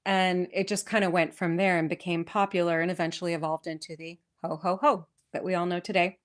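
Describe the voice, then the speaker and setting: A woman with a West Coast American accent hosting a podcast. She reads an old poem aloud, then chats about its history in a lively, enthusiastic way with frequent restarts. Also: fairly low pitch, fairly quick. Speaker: podcast host. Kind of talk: poetry reading and casual history chat. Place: lives in England.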